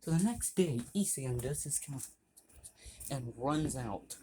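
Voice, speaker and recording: A man's voice: medium pitch, lively intonation, unhurried, warm tone, a little hiss or hum. A man casually narrating an improvised story, rambling, swearing and correcting himself.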